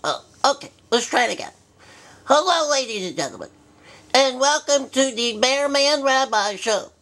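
A man's voice: lively intonation, moderate pace, pushed and bright, heavily acted. A man voicing a forgetful, cranky old male bear rabbi who hosts a puppet comedy show, bumbling and stubborn. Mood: flustered. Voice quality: high-pitched, bumbling and cranky. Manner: forgetful, stubborn, easily flustered. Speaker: show host.

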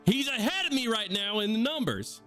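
A man voicing a hot-tempered man who yells and curses into a phone. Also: sits high, big pitch swings, fairly quick, soft background music, voice pushed up. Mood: furious. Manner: shouting, cursing, boastful rivalry.

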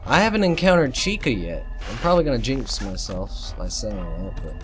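A man commentating a horror game while losing his voice, joking with the characters and yelping loudly at scares. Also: medium pitch, very animated, moderate pace, few pauses, soft background music. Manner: jokey banter with game characters, yelps and shouts at jump scares. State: losing his voice, a bit sick. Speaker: gameplay commentator.

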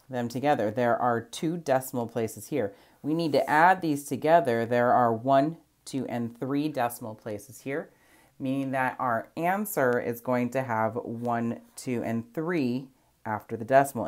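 A woman teacher explaining a math lesson patiently, step by step, counting places aloud. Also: very deep voice.

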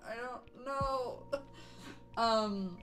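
A woman's voice: fairly high pitch, drawn-out words, a bit bright, low-quality recording. Bubbly young woman streamer, faint music. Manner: chatty, bubbly, coos baby talk to her dogs. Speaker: VTuber streamer. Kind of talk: casual live-stream chat.

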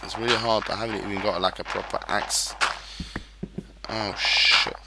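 Swearing deep-voiced gamer man. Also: steady tone, normal speed, very noisy. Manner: swears a lot, frustrated outbursts. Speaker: gaming YouTuber. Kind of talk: casual gameplay commentary.

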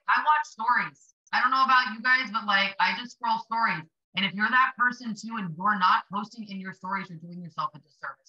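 Young woman host, motivational live chat, blunt and chatty, very bright tone, muffled lo-fi audio. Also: medium pitch. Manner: blunt, chatty, swears for emphasis. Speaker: livestream host coaching small business sellers. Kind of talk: casual motivational live stream.

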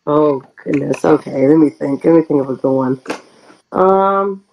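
A woman's voice: deep voice, measured pace, slight background noise, rough recording. Chatty woman wrestler telling road stories. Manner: chatty, animated, many "like"s and laughs. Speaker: pro wrestler guest. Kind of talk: casual interview storytelling.

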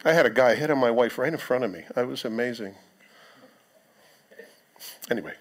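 A pastor, preaching a sermon in a conversational way, with joking asides to the congregation. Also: male voice, medium pitch, a little fast. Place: church sanctuary.

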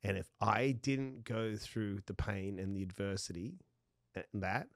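Male podcast guest, lively storyteller who laughs through his lines, dry close-miked sound. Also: on the low side, a little slow, no room sound. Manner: animated, laughs often mid-sentence; acts out dialogue in his stories. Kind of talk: personal storytelling.

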